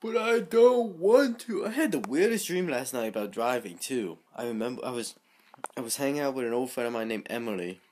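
A young man vlogging in a rambling, playful, self-mocking way from his home floor. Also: on the low side. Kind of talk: casual chat vlog.

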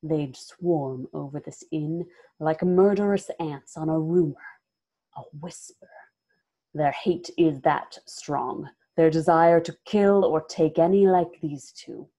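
A woman reading aloud voices a scornful, wary old minstrel man. His warnings come out in a low, mellow tone that drops at times to an ominous softness.

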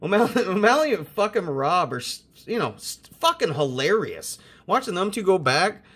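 A young man rips through his mail-day cards with hyped, foul-mouthed commentary. His pitch leaps and drops all over the place as he cheers some cards and grumbles at others. It sounds like an off-the-cuff chat to his viewers. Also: normal speed, slightly rough. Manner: profane, excitable, hyped. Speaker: host opening sports cards. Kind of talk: casual card-opening commentary.

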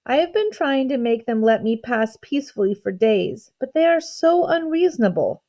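A tearful young male dragon from a storybook, naive and gentle, pleading in a raised, wavering voice, put on by a woman reading aloud. He sniffles through his words, lifted a touch above ordinary talk. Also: sits high, expressive, moderate pace. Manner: sniffling, plaintive.

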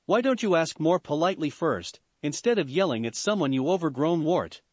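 A man voicing a brash, defiant teenage boy ninja who snaps back rudely and yells. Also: a little high, lively intonation, a little fast, dry recording. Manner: snappy, rude, yelling.

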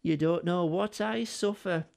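A man's voice: sits high, unhurried, creaky, darkish tone, voice pushed up. A man voicing a big male steam engine who moans in self-pity. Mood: mournful. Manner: whiny, mournful.

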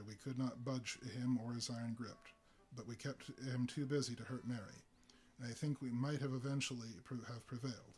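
A man reading a novel aloud in a live session, halting and stumbling over words with frequent fillers. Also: medium pitch. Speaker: reader.

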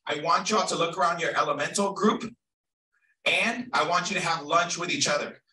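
A man leading a group activity at an event, energetic and playful as he calls out to the crowd. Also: a little high, normal speed, far from the mic, a little hiss or hum, rough recording. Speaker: workshop facilitator. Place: large event hall.

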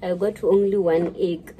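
Slow-talking chatty woman vlogger from Botswana. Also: mid-range voice, very animated, background noise. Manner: chatty, frequent "you know" and "guys", laughs often. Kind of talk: casual haul and unboxing vlog. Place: home.

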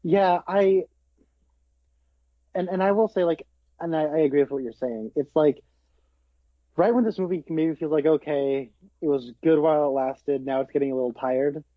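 A man in his twenties chatting casually in a film review podcast, quick to laugh. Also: fairly high pitch, no echo, narrow, tinny audio. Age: 20s. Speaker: podcast co-host.

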